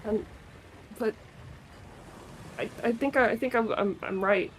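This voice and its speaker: A woman's voice: high-pitched, expressive, slight background noise, poor audio. A woman playing an anxious, stammering young adventurer. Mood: worried. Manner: halting, apologetic, stammering. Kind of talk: tabletop in-character roleplay.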